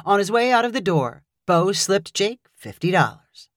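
A woman narrating a short story in a measured, expressive way. Her voice moves through a lively range of pitch around an average middle level. The recording is close and dry. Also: no echo.

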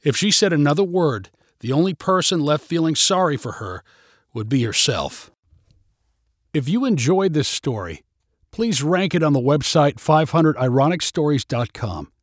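A man narrating a short story in a clear, steady storytelling voice. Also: fairly high pitch, normal speed, no echo, clean studio sound.

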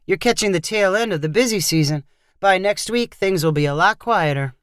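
A relaxed, sincere American drifter man chats warmly in this storybook reading, as the narrator puts him on. He pays easy compliments, and the voice is recorded dry, with no room sound. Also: mid-range voice, fairly quick, clean tone, no room sound, natural voice. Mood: easygoing. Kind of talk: audio short story reading.

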